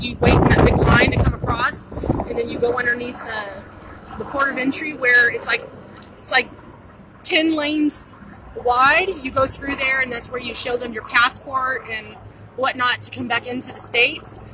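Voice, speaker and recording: Her pitch fairly high, a citizen reporter livestreams on a handheld phone from a pedestrian bridge overlooking a busy border crossing. She ad-libs her commentary in an urgent, excited way, a little breathless and repetitive. It is a noisy outdoor phone recording, with traffic and helicopters behind her.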